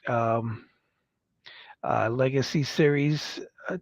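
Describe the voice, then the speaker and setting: A man's voice: medium pitch, slow, pauses often, no echo, lo-fi sound. A man hosting a casual toy-review livestream, rambling with fillers and restarts as he reads product copy aloud. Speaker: livestream host.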